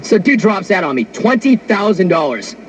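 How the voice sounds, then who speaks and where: Husky high-voiced brash radio man. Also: big pitch swings, moderate pace, poor audio. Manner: brash, wisecracking storyteller. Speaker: sports radio host. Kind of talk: talk radio monologue. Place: radio studio.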